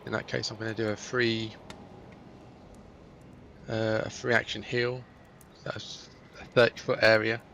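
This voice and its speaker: A man playing in a tabletop game, talking casually and a little haltingly. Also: on the low side, flat delivery, gravelly, fairly bright tone, a little hiss or hum. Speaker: player.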